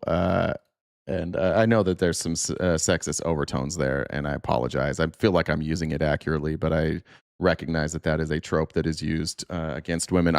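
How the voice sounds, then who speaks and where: A man's voice: sits low, dry recording. American man, livestream political rant, profane, mocking, dry room. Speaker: political commentary host.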